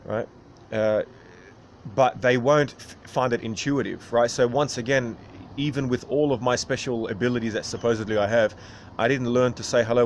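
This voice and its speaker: A man's voice: mid-range voice, steady tone, moderate pace, slight background noise. A man hosting a casual video monologue, rambling and tagging sentences with "right?". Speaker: video host.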